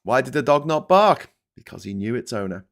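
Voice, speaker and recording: A British man hosting a casual political commentary show, talking in a lively, rambling way with frequent swearing and restarts. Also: medium pitch, fairly quick. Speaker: host of a live commentary show.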